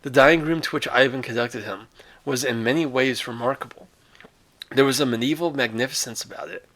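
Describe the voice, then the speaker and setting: Man, story read-aloud, dramatic phrasing, casual asides, medium pitch. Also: fairly quick, fairly bright tone. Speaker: reader.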